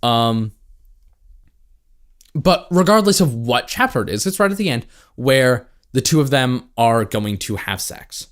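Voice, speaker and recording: A man co-hosting a book podcast in casual chat, mostly laid-back but prone to loud, squeaky outbursts. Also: animated, unhurried. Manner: laid-back, with sudden high-pitched outbursts. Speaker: podcast co-host.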